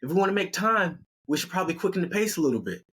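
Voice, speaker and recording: A breezy, image-conscious young fiancée in a spoken story, her voice lifted high and a little husky at the edges, as a man puts her on. She sounds cheerful and easygoing. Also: very animated, rapid-fire, fairly bright tone, full character voice.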